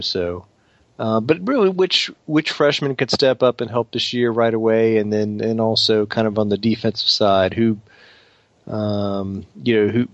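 A man, co-hosting a sports podcast and talking through football questions in a measured, hesitant way. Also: lowish voice, no room sound, highs cut off. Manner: measured, hesitant, with many fillers. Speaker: podcast co-host. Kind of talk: casual sports chat.

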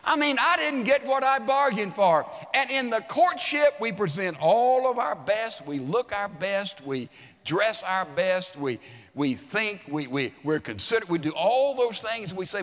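Middle-aged pastor guy preaching, high sharp voice, big echoey church hall. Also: a little slow. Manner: animated preaching, dropping to hushed asides. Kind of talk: sermon. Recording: long reverb of a large hall.

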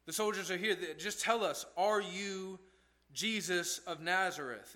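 A man's voice: sits high, a little slow, pushed and bright. A male pastor preaching a sermon in a conversational way, asking rhetorical questions as he goes.

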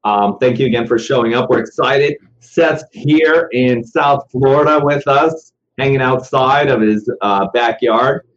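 A man's voice: medium pitch, measured pace, hardly any pauses. A man hosting a live online session in casual chat, loose and rambling with lots of fillers. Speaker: live show host. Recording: slightly muffled, faintly noisy call audio.

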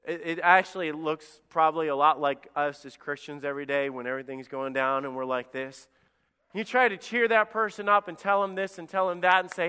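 Bright, high-voiced preaching pastor. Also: male voice, brisk, smooth, big-room sound. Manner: animated preaching, acting out voices of David and God. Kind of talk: sermon.

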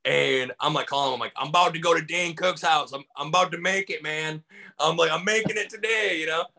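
Speaking fast over a video call, this Michigan comedian rambles through stories with many fillers, acting out the quotes as a guest in a casual interview. His voice is fairly high, pushed and bright, with fairly even intonation, and the audio quality is poor.

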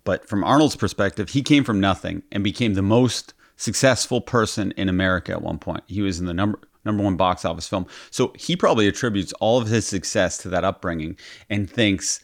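A man's voice: low-pitched, brisk, dry recording, clean studio sound. A man co-hosting a podcast, talking in casual, wry joking banter. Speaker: podcast co-host. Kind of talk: casual chat.

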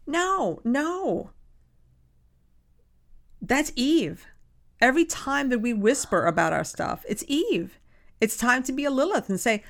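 A woman's voice: a little high, expressive, normal speed. A woman co-hosting a podcast, making her points emphatically and acting out little quotes in casual chat. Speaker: podcast co-host.

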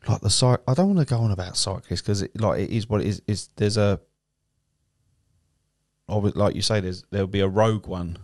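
London cab driver guy rambling and swearing on a podcast, lowish voice. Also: fairly quick, a little mellow. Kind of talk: casual chat.

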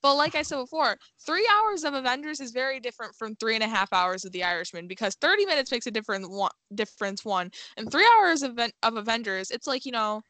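Bright-voiced young woman chattering with "like". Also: a little high, expressive, fast, hardly any pauses, no room sound. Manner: chatty, peppered with "like" and casual swearing. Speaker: podcast guest, film editor. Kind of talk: casual interview chat.

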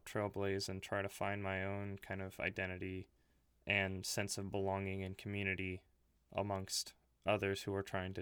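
A man with a lowish, smooth voice chats casually, peppering his talk with "like" and "you know". The sound is close and dry. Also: no room sound. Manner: relaxed, filler-heavy, animated when quoting others. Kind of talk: casual chat.

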